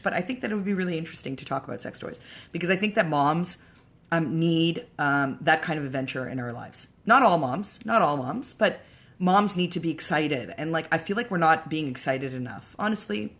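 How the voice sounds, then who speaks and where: Bright-voiced woman, frank and profane. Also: low-pitched. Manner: frank and profane, rambling with fillers. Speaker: host of a live show for moms. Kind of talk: casual livestream chat.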